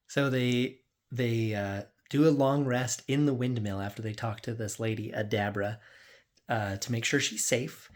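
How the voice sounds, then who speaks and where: A man's voice: medium pitch, steady tone, measured pace. Chatty man recapping his game sessions. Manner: rambling, lots of "like", acts out quotes. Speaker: dungeon master. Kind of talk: casual tabletop session recap.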